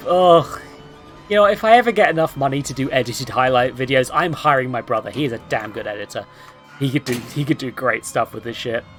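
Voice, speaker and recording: A woman's voice: a bass voice, expressive, normal speed, pauses often, faint music behind. A young woman streaming a horror game with sarcastic, swearing commentary and playful asides. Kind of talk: casual gameplay commentary.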